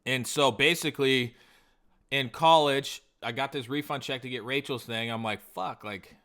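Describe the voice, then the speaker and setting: A man's voice: medium pitch, fairly even intonation, moderate pace, fairly bright tone. A man telling a rambling, profane story in a casual podcast chat. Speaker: podcast co-host.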